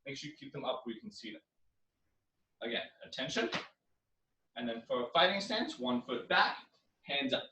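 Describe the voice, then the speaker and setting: A young man teaching a home karate class, coaching drills and counting moves with loud yells. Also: medium pitch, big pitch swings, normal speed, long pauses, slight background noise. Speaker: karate instructor. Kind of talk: online exercise class. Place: living room. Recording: echoey room, far from mic.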